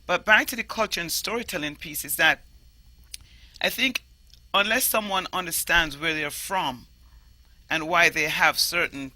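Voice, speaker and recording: A Jamaican woman, a storyteller, explaining things in an animated interview. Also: on the low side, measured pace, long pauses, dry recording. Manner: animated, explanatory, stresses words emphatically. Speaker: storyteller guest. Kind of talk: interview conversation.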